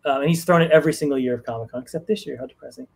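Male guest, slightly higher voice, rambling live-stream anecdote full of fillers. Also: rapid-fire, creaky. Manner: rambling, many fillers and restarts. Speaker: guest writer. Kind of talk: casual storytelling in a live Q&A.

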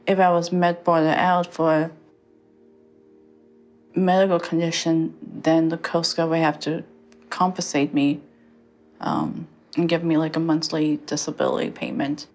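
A young woman telling her own story in a halting way, full of fillers and restarts. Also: low voice, flat delivery, a little mellow. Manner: halting, many fillers and restarts, quotes others. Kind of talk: personal testimony.

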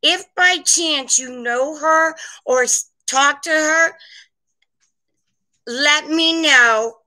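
Slow, bright-voiced woman chatting on a live stream from home. Her tone is sharp and fairly high, and she rambles warmly to her viewers as she shows off antiques. She takes her time over every word. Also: poor audio. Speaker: online vintage seller. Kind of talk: live-stream sales chat. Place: at home, indoors.

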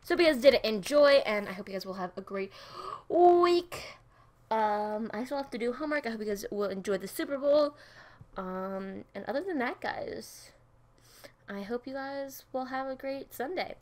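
A young woman chatting casually over her gameplay as a gaming video creator, excitable and giggly. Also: a little high, normal speed.

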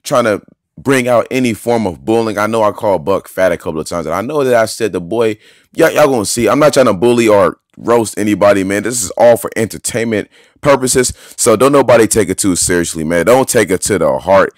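A man giving casual gameplay commentary as a YouTuber, talking loose and slangy to his viewers and getting excitable over the action. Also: on the low side, a little fast. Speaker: gaming YouTuber.

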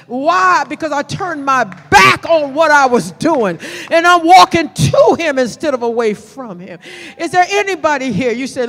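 A woman pastor leading a fervent sermon and altar call, shouting prayers and pleading with the congregation. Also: sits high, animated, normal speed, big-room sound. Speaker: senior pastor.

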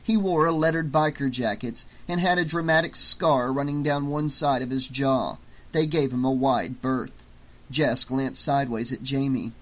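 A man narrating an audiobook in a steady, measured reading. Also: medium pitch. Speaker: audiobook reader.

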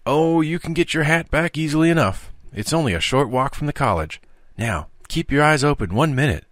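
A man's voice: on the high side, expressive, fairly bright tone, no echo, clean studio sound, pitched above the performer's own voice. A man doing a cocky, knowing schoolboy. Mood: eager. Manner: brisk, self-assured, slightly lofty. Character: knowing schoolboy, confident and a bit superior.

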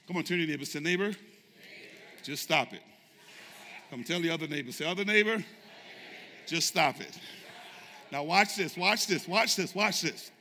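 A man preaching a sermon as pastor, shouting fervently and calling out to his congregation for responses. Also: on the high side, normal speed, pauses often, slight background noise. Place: church sanctuary. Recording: echoey church sanctuary reverb.

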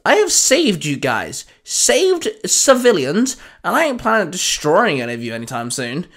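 Man doing a sarcastic grumbling alien genius, storybook reading, a bit higher than plain talk. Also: big pitch swings, moderate pace, fairly bright tone. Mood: irritated. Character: sarcastic, bitter alien boy genius, male.

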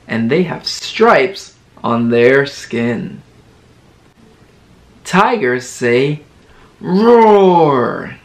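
A man teaching toddlers their first words, modelling each word slowly and with exaggerated sing-song emphasis. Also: fairly high pitch, a bit bright. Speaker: children's teacher. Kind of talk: slow toddler lesson.

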